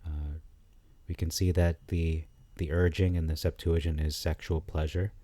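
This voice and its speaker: Low, mellow-voiced man musing aloud. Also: flat delivery, dry recording. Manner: thinking aloud, halting with frequent fillers and restarts. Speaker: scripture commentator. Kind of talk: casual explanatory commentary.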